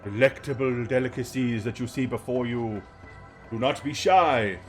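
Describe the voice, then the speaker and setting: A man playing a pompous male vizier in a tabletop game, speaking in a stiff, grand, official manner that turns high and fluttery when flattered. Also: moderate pace, faint music behind, close to an everyday voice. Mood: hospitable.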